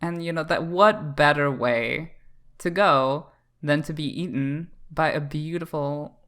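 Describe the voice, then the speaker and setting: A man's voice: fairly high pitch, measured pace, bright, forceful tone. A man from Canada co-hosting a podcast, talking in a campy, playful and teasing way in casual chat. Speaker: podcast co-host.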